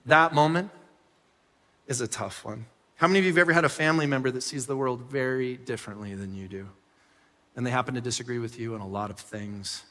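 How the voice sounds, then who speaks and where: A man preaching a sermon as pastor, telling stories with animated swings from loud bursts to soft asides. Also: a little high, in a large hall. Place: church hall.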